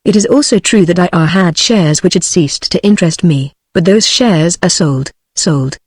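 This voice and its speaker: A woman's voice: lowish voice, moderate pace, darkish tone, breathy edge, no echo, clean studio sound. A text-to-speech woman's voice with a British English accent reading the lines of a pompous male company director in a novel. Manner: stiff and ceremonious.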